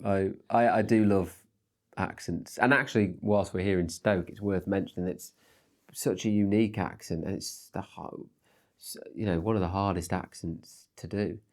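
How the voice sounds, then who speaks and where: A man's voice: low voice, fairly even intonation, normal speed. A man, a film director, chatting as a guest in an interview, hesitant and self-deprecating with lots of fillers and restarts. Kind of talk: casual interview chat.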